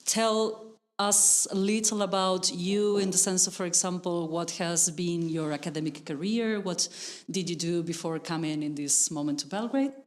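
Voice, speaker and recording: A woman's voice: lowish voice, moderate pace. A woman co-hosting a podcast, interviewing a guest in a friendly, casual way. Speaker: co-host.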